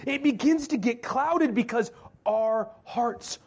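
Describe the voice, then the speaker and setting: A pastor with a notably high voice gives a sermon in a slow, somewhat dark tone. He speaks loosely and conversationally, cracking jokes and repeatedly asking the congregation questions, as if chatting with friends from the pulpit.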